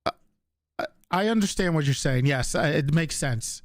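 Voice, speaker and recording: A man's voice: fairly high pitch, expressive, moderate pace, dry recording, studio quality. A man in an in-character roleplay argument, hesitant and stammering as he defends himself. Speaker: police department leader in roleplay.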